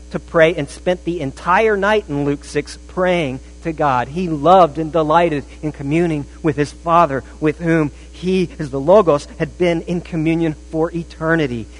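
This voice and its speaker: A pastor preaching a sermon, shifting between rising emphasis and a hushed, intense delivery. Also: male voice, on the high side, rough recording. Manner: dramatic, drops to a hushed intensity.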